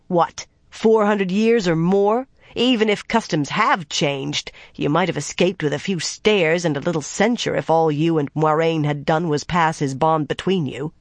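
A narrator voicing a sharp-tongued woman who scolds and demands answers in a raised voice, recorded dry. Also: medium pitch, no room sound. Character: angry, blunt woman, a sharp-tongued elder leader.

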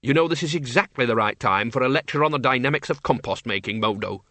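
A man's voice: mid-range voice, fast, pushed and bright, no room sound. Man doing a pompous sniffy wizard dean. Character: pompous excitable male wizard dean, middle-aged.

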